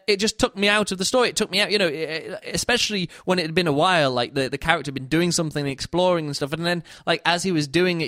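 A man's voice: fairly high pitch, a bit bright, no echo, studio quality. A man giving a casual spoken book review, rambling and often correcting himself mid-sentence. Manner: rambling, self-correcting, many restarts.

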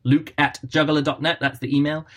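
A man's voice: on the high side, little pitch movement, moderate pace, a bit bright. A man hosting his own podcast in a casual, rambling, chatty way, correcting himself as he goes and speaking into a built-in laptop microphone. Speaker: podcast host. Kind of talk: casual solo podcast talk.

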